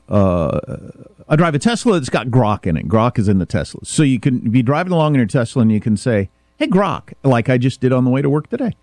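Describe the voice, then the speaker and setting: Middle-aged guy from kansas, talk show host telling a story, lively up and down voice, dry close sound. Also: no room sound. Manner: animated storyteller, acts out dialogue, rising pitch when worked up. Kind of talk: casual talk radio chat.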